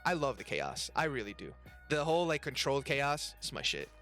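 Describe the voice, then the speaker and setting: A man's voice: medium pitch, very animated, a little fast, pushed and bright, soft background music. A man hosting a casual podcast, loose and profane, reading chat messages aloud. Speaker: podcast host and restaurant server.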